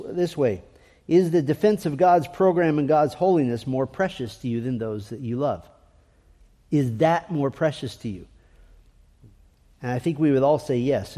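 A man's voice: a little high, warm tone, big-room sound. A man preaching a sermon in an earnest, emphatic way, asking rhetorical questions and reading scripture aloud. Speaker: pastor.

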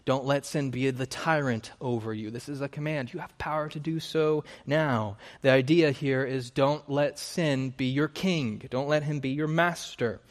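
A man's voice: mid-range voice, in a large hall. A man preaching a sermon in an earnest, emphatic way, hammering points through repetition and correcting himself mid-sentence.

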